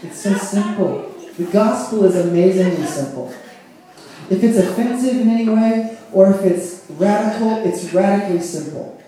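A man's voice: high-pitched, normal speed, mellow. Brief: man preacher, laughs often, acts out voices, echoey church room. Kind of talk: sermon. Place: church sanctuary. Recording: echoey church hall with crowd.

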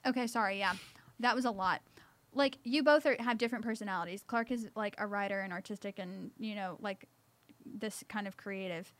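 A woman's voice: medium pitch, a little fast. A young woman hosting a casual chat, rambling with many fillers and laughing often. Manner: rambling, heavy use of fillers.

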